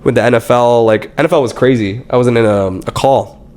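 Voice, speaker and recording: A man's voice: medium pitch, quick pace. A young man, a startup founder on a podcast, chatting casually and acting out what people said to him, with plenty of swearing. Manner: animated storyteller who acts out quotes with lots of swearing. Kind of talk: casual interview chat.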